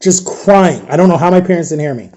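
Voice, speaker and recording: A man's voice: fairly high pitch, a little fast, dark tone. Tearful man telling a raw story. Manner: addresses viewers directly. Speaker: vlogger. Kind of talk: emotional storytime monologue.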